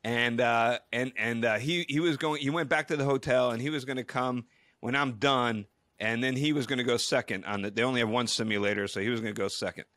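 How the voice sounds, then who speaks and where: A man's voice: mid-range voice, fairly even intonation, a little fast, a bit bright, dry recording, clean studio sound. A middle-aged man co-hosting a podcast, telling stories casually with stammered restarts and frequent laughs. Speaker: podcast co-host. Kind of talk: casual storytelling chat.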